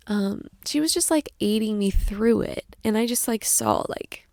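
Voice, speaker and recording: A young adult woman hosting a casual podcast, rambling and soft-spoken, restarting her sentences often. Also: mid-range voice, unhurried, few pauses, dry recording, clean studio sound. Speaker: podcast host, mother. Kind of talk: casual chat.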